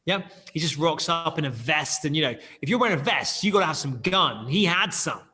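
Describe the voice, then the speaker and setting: A man founder telling stories in an animated way, with quick restarts and bursts of acted quotes. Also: fairly high pitch, in a large hall. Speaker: startup founder, guest. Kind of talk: animated storytelling in an interview. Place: London.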